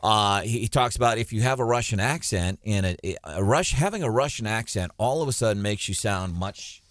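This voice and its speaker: A man hosting a talk radio show, opinionated and animated. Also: on the low side, moderate pace, dry recording, clean studio sound. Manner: opinionated, animated, takes calls. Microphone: studio microphone.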